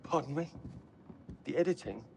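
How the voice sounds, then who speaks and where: An actor playing a proud, touchy documentary director, speaking with a British accent in a precise, pompous way. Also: male voice, a little high, lively intonation, moderate pace, vocal fry. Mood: prickly.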